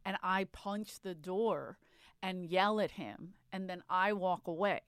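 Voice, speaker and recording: Smooth-voiced woman telling a profane story. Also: on the low side, slow, no room sound, clean studio sound. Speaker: guest comedian. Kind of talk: casual podcast chat.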